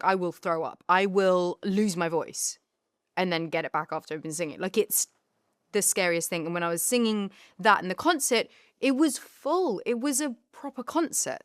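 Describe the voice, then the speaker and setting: Actress guest reminiscing, expressive and quick to well up, dry booth sound. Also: female voice, medium pitch, smooth, no echo. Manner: animated, emotional, quick to laugh and tear up. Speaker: actor guest. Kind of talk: casual interview chat.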